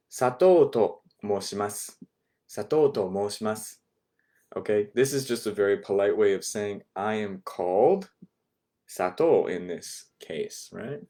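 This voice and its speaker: A man's voice: on the low side, warm tone. A man teaching an online Japanese class, patiently repeating words and checking in with "okay?" after each point.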